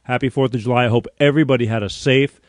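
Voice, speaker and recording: A middle-aged man hosting a live call-in show, telling rambling, animated stories full of fillers and restarts. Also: mid-range voice, quick pace, no echo, studio quality. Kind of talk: casual live-stream chat.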